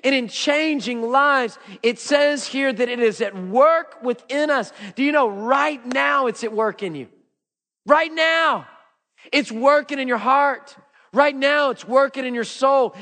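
A middle-aged man preaching a sermon, swinging between emphatic repeated lines and hushed low ones. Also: big-room sound. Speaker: pastor.

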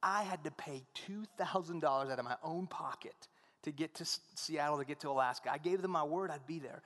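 A man preaching a sermon, telling stories and acting out the dialogue in an animated way. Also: a little high, brisk, in a large hall. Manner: animated storytelling, acts out dialogue.

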